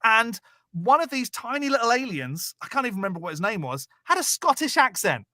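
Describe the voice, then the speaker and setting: Lively, high-pitched sarcastic British man. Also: a little fast, no echo, studio quality. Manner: sarcastic, laughing, exclaiming. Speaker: guest co-host. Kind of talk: casual livestream reaction chat.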